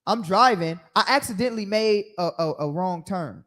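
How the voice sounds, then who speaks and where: A man giving an animated, sermon-style Bible teaching, telling stories and acting out the voices of others. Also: high voice, normal speed.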